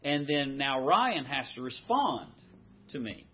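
A man's voice: medium pitch, very animated, slow pace, muffled recording. A man leading a men's Bible study, asking the group questions and repeating their answers. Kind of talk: interactive teaching.

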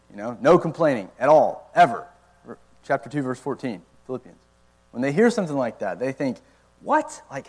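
A man teaching a Bible lesson to a college ministry, asking rhetorical questions and explaining each point step by step. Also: fairly high pitch. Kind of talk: teaching sermon.

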